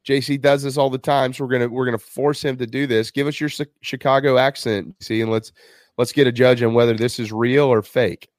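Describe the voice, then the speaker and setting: A man's voice: medium pitch, steady tone, fairly quick, no echo. An upbeat male sports-show host teases his guests and keeps the talk moving. His voice is dry and close, with no room sound around it. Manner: upbeat, ribbing, steers the talk. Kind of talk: casual sports chat.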